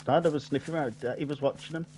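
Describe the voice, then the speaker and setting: A man's voice: fairly high pitch, fairly even intonation, rapid-fire, a little mellow. A man in casual voice chat while gaming, making cheeky, dry quips. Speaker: gamer in voice chat.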